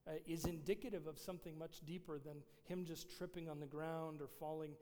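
A man's voice: a little high, steady tone, brisk, dark tone. A man, a pastor giving a casual, conversational sermon with many fillers. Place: church sanctuary. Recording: long reverb of a large hall.

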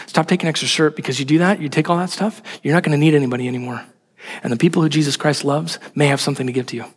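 A man preaching a sermon in an animated, emphatic way, asking rhetorical questions. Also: on the high side, breathy edge, in a large hall. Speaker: pastor.

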